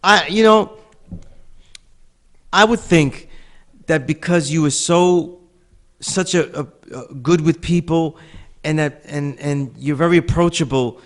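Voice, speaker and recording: A man hosting a casual interview podcast, relaxed and rambling, often checking in with "you know what I mean". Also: fairly high pitch, slow, long pauses. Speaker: podcast host.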